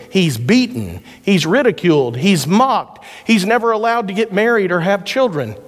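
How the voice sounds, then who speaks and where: A man pastor giving a sermon, mixing scripture with folksy stories and jokes. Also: sits high. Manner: folksy storytelling with quick jokes. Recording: church hall reverb.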